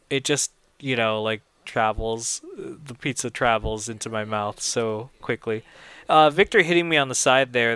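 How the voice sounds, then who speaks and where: A man's voice: medium pitch, fairly bright tone, clean tone, no echo. A young man giving casual audio commentary on his own film, rambling and chatty, often laughing at his own jokes.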